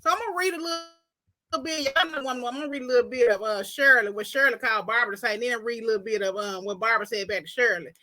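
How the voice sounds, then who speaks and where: A high, very bright-voiced woman hosts a casual podcast. She talks animatedly and acts out the quotes she reads aloud with flair. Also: racing. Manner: animated storyteller who reads quotes dramatically. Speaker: podcast host.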